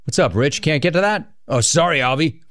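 A male radio host taking calls with quick teasing banter. His pitch swings a lot as he jokes. The voice sounds close and dry, with no room around it. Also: no room sound. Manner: animated, joking, teasing callers. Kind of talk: call-in radio show banter.

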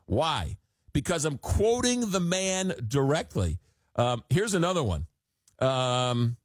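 A man hosting a call-in radio talk show, talking in an animated, exasperated way with frequent restarts. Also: mid-range voice, no echo, clean studio sound.

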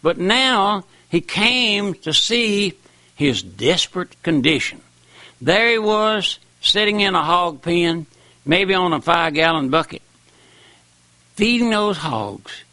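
Gravelly old country preacher. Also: male voice, a little high, pushed and bright, dry recording. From raised on a farm. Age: older. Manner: folksy, rambling, preaching with rising and falling emphasis. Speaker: preacher on radio. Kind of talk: sermon.

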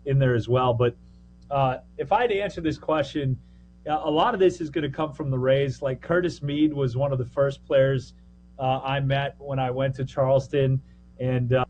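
A man's voice: mid-range voice, darkish tone. A man who works as a minor league baseball broadcaster, chatting casually on a podcast with a joking, rambling manner. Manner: chatty, joking, quick asides.

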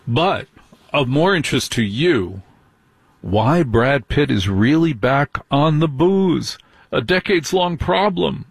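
A man's voice: fairly high pitch, animated, takes it slowly, vocal fry, breathy edge, dry recording. A man giving sarcastic celebrity gossip commentary as a host, with mocking, scornful asides.

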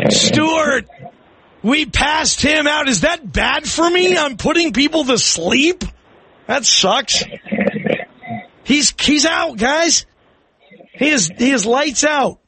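A man hosting a call-in sports radio show, excitable and joking, with a slangy manner. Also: extremely high pitch, takes it slowly, pauses often. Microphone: studio microphone.

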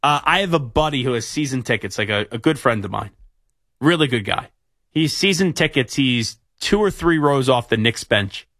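Bright rambling New radio host. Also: male voice, mid-range voice, expressive, moderate pace. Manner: rambling, storytelling, many restarts. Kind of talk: casual sports radio talk.

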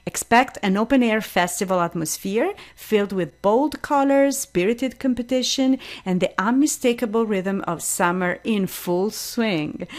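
A woman radio host presenting a bilingual show, reading event promotions in a lively way and moving between Italian and English. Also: fairly high pitch.

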